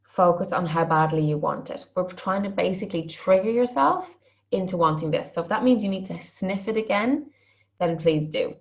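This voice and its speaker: Woman leading a slow guided tapping session. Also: on the low side, animated, highs cut off. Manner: slow, repetitive guided phrasing.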